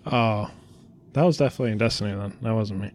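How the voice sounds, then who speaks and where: A man's voice: fairly low pitch, fast, a little mellow. Laid-back man, podcast host. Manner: laid-back, mumbling, backpedals. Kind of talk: casual chat.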